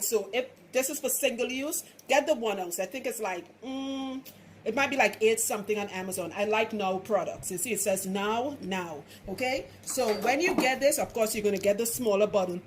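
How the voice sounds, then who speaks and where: A woman's voice: fairly high pitch, a little hiss or hum. A woman from Trinidad, a loctician, giving frank, chatty hair-care advice in a casual how-to vlog. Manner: chatty, frank, laughs often.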